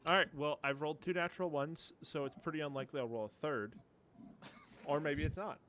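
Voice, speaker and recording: A man's voice: fairly high pitch, a little fast, fairly bright tone, a little hiss or hum. A man playing a tabletop game, joking about his dice luck and hesitating over rules terms. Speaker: player. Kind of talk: casual tabletop game play.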